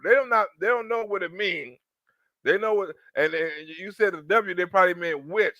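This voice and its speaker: A man hosting reaction commentary, telling stories in a profane, animated way. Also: high voice, normal speed, dry recording. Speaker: commentary host.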